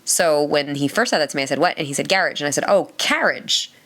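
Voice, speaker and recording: Low-pitched woman chatting on a podcast. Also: racing, fairly bright tone. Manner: chatty storyteller, acts out quoted dialogue; giggly, frequent laughs. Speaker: podcast co-host. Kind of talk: casual chat.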